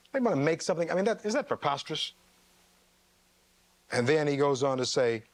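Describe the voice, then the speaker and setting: Playing a defense attorney, a man gives a courtroom closing argument, reading testimony aloud and firing rhetorical questions at the jury. His pitch jumps sharply on stressed words, and he talks fast and animatedly. The recording is dry.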